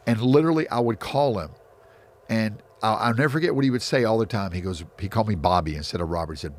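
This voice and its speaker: A man's voice: on the low side, quick pace. A middle-aged man, a real estate investor, answering interview questions in an emphatic, motivational way that repeats key phrases.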